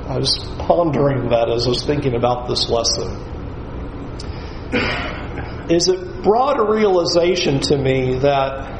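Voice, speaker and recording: A man's voice: on the high side, roomy sound, slight background noise, low-quality recording. A man giving a Bible lesson in an emphatic way, often acting out the voices he quotes. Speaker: Bible teacher.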